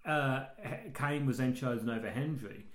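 A man's voice: medium pitch, normal speed, a little hiss or hum. Man, podcast host, trivia-heavy, hesitant fillers, echoey room. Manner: informative, reads out background facts with hesitant fillers. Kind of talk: casual film-discussion chat. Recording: roomy echo.

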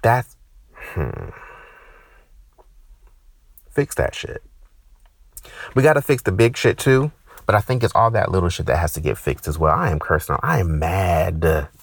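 Ranting man with a gravelly, husky voice. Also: brisk, dry recording. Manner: animated, profane, ranting with sudden high-pitched outbursts. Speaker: stand-up comedian. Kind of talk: stand-up comedy set.

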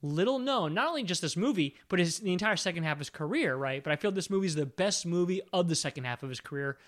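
A man with a notably high voice hosts a casual film discussion. He talks with animated energy, jumping in to act out movie moments as he retells them. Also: quick pace. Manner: animated, acts out movie scenes while retelling. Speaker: podcast host.

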